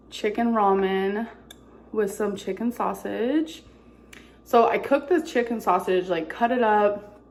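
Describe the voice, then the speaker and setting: A woman's voice: mid-range voice, a little hiss or hum. A woman vlogger with a stuffy nose, chatting casually between bites of food and breathing a little heavily. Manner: chatty, rambling, chewing between remarks. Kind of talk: casual mukbang chat while eating.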